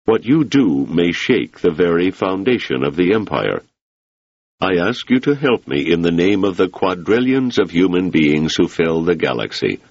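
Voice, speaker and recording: Joranum: a man doing a pushy, driven politician, husky and gravelly, a bit higher than the reader's own low voice. Dull, dry studio sound. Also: sing-song, moderate pace, darkish tone, no room sound, heavily acted. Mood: insistent. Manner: insistent, urging. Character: ambitious, intense male politician, persuasive and forceful.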